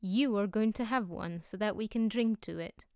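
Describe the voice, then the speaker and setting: A woman voicing a brash, earthy, free-spirited man, talking loudly and emphatically in a storybook reading. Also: medium pitch, moderate pace, clean tone, no echo, clean studio sound, natural voice. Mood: boisterous. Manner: loud, emphatic, forceful.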